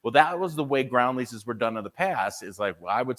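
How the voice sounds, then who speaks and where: Energetic man giving a conference pitch. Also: quick pace. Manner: energetic, repeats and restarts often, conversational pitch. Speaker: conference presenter. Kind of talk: live conference presentation with audience Q&A. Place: conference hall.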